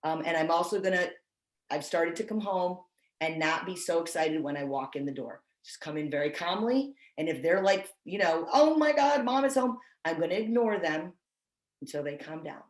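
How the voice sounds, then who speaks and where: A woman's voice: low voice, moderate pace. Woman, dog trainer, casual video-call chat, roomy sound. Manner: chatty, self-deprecating, restarts often. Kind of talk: casual online training talk.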